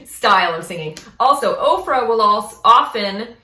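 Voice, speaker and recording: A woman's voice: fairly high pitch, lively intonation, normal speed, bright, forceful tone. A woman vocal coach giving casual reaction commentary, explaining singing in a chatty way and often checking in with "right?" and "you know?". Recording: echoey room.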